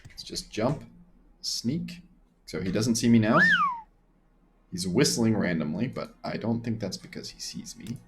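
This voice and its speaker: A man giving casual gameplay commentary, thinking out loud, chuckling and trailing off into half-finished sentences. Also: fairly low pitch, lively intonation, unhurried, pauses often, background noise. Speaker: gamer, channel host.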